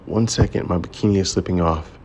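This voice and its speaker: A man's voice: sits low, brisk, a little mellow, slight background noise, close to an everyday voice. A man voicing a poised, bold young woman, lifting his voice lightly and speaking in a coaxing way. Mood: playful.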